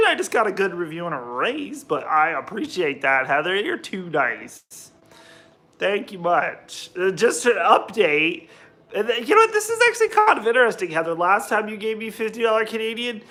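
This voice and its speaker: A man's voice: sits high, sing-song, normal speed, bright, forceful tone. A young American man chatting casually on a livestream while cooking, rambling and greeting viewers by name. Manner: rambling, chatty, reads out chat names. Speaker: livestream host.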